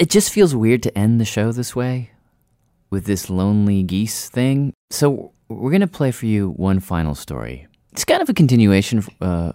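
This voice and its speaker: A male radio host with a low voice that swings up and down as he narrates and asks curious questions. The sound is close and dry, with no room around it. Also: a little mellow, no room sound.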